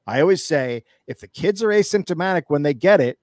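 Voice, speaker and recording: A man's voice: fairly high pitch, lively intonation, fairly quick, hardly any pauses, darkish tone, no room sound, clean studio sound. A man speaking as an interview guest in casual chat, ranting with anger and profanity and telling stories animatedly, with frequent restarts.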